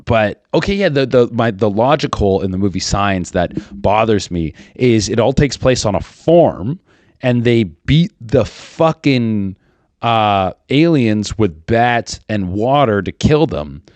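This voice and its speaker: Man, thirties, podcast host, low voice, crude rambling comedy, dry sound. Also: expressive, unhurried, a little mellow, no room sound. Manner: profane, rambling, many fillers and restarts. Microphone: studio microphone.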